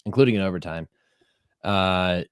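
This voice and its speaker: A man co-hosting a podcast, talking sports in an animated, emphatic way and often restarting his phrases. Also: deep voice, moderate pace, clear, resonant tone, no room sound, clean studio sound. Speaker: podcast co-host. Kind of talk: casual sports chat.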